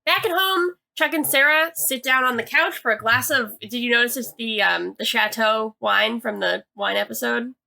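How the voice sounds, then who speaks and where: A woman's voice: fairly high pitch, moderate pace, vocal fry, hardly any pauses, pushed and bright. A young woman co-hosting a podcast, casually recapping a TV episode with lots of "like" and hedging. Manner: chatty, hedging with "like", reads quotes aloud. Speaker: podcast co-host.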